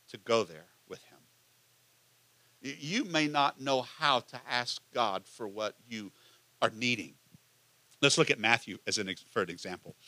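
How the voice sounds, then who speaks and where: A man's voice: mid-range voice, pushed and bright, no room sound. A man, a pastor, preaching a conversational sermon and asking the listeners many questions.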